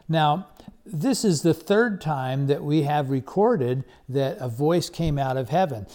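A man preaches a sermon with an earnest, halting delivery, restarting phrases and leaning on fillers as he explains a passage. His voice sits a little high, with a dark, mellow tone. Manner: earnest, with frequent repeated words and fillers. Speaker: pastor.

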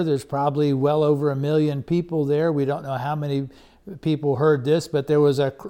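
A man preaches a sermon with an earnest, halting delivery, restarting phrases and leaning on fillers as he explains a passage. His voice sits a little high, with a dark, mellow tone. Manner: earnest, with frequent repeated words and fillers. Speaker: pastor.

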